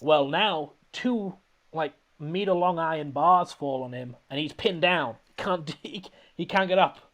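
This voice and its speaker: Podcast host, male, higher-pitched, rambling comedic recap, laughs a lot. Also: unhurried. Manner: rambling, laughing often, animated. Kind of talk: casual comedic movie recap.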